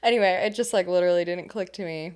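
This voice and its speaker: A young adult woman co-hosting a podcast in casual chat, chatty and excitable. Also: lowish voice, racing, clear, resonant tone. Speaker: podcast co-host.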